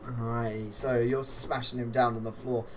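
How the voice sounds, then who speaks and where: A man's voice: medium pitch, flat delivery, moderate pace, slight background noise. A man as game master, narrating a tabletop wrestling game with playful, vivid play-by-play.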